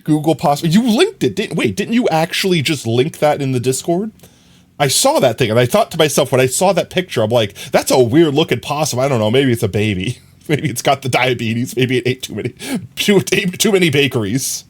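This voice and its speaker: A man's voice: a little high, very animated, fairly quick. A man streaming live, chatting casually, reading viewers' messages and laughing as he rambles. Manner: rambling, laughing, reads chat aloud.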